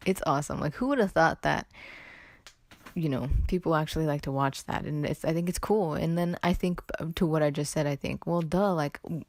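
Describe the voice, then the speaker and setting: A woman's voice: deep voice, brisk, no echo. A young woman from California hosting a casual solo podcast, chatty and rambling, a little under the weather. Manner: rambling, chatty, self-interrupting with "like" and "anyway". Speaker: podcast host.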